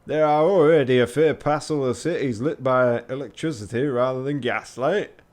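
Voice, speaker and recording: A man voicing an irritable woman artificer in a put-on Yorkshire accent, gruff and scornful, stumbling through his improvised lines. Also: mid-range voice, normal speed, a little mellow, lightly acted. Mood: retorting. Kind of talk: live reading of a text game.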